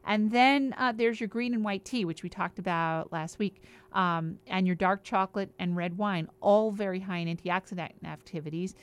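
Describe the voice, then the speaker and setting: With a smooth, medium-pitched voice and hardly any pauses, a woman on a regular show explains health matters at a moderate pace, upbeat and chatty, offering example after example.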